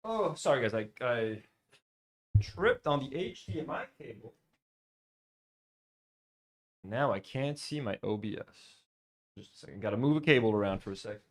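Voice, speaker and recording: A man's voice: mid-range voice, animated, brisk. A man streaming live, chatting casually and thinking aloud, with plenty of swearing.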